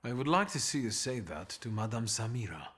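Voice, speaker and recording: An actor playing a calm, shrewd investigator hero in a story game, speaking in a measured, deliberate way. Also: male voice, medium pitch, husky. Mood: composed.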